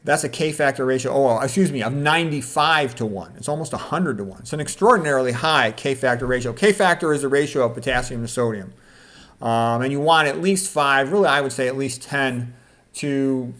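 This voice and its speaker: A man's voice: mid-range voice, a bit bright. Chatty doctor reading his book aloud. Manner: chatty, asks listeners "okay?" and "all right?". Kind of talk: casual book reading with spoken asides.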